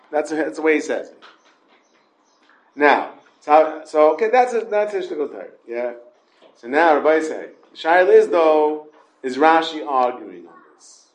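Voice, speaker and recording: A man's voice: a little high, animated, moderate pace, poor audio. A man with a Yeshiva English accent teaching an informal Talmud class, mixing Hebrew and Yiddish terms into his English and questioning his students.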